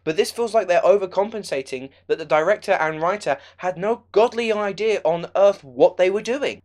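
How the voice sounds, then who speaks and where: A man's voice: sits high, a little mellow. A young man ranting sarcastically in a film review vlog.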